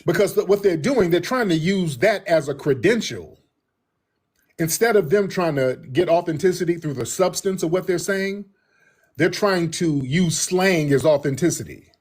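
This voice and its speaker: A man delivers political reaction commentary in a husky, slightly rough voice. He speaks high for a man and swings his pitch widely, leaning hard on each point and repeating himself for effect. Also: lively intonation, normal speed.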